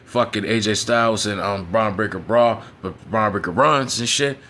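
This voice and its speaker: A man's voice: fairly low pitch, moderate pace, pushed and bright, slight background noise. A man reviewing a wrestling show in a casual, profane, frustrated rant, often asking "you know what I'm saying?".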